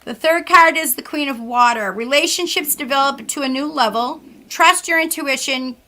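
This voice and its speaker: A woman's voice: high-pitched, normal speed. A middle-aged woman with a Massachusetts accent, a psychic medium chatting casually and giving readings. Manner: chatty, warm storytelling with frequent "like". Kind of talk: casual radio chat with readings.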